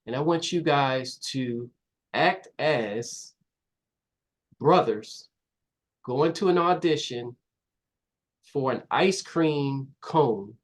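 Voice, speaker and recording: A man's voice: medium pitch, drawn-out words, pauses often. Man giving feedback and directions to actors. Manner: relaxed, uses fillers like "you know". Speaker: talent manager.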